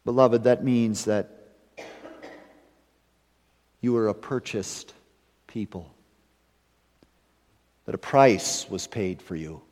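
A man preaching an evening sermon in a measured way, rising to emphatic stresses and dropping to hushed low endings. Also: in a large hall. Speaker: pastor.

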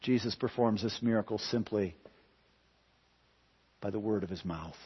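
A man preaches a sermon with a slightly husky voice, swinging from quiet, hushed stretches to loud, forceful climaxes. His words ring out through a long hall reverb. The recording sounds somewhat dull and lo-fi. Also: on the low side, normal speed.

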